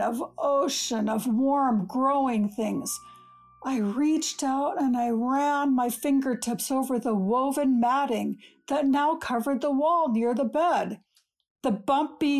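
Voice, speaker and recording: High-voiced woman reading a story slowly. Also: a little mellow. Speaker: story reader. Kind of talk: reading a first-person short story aloud.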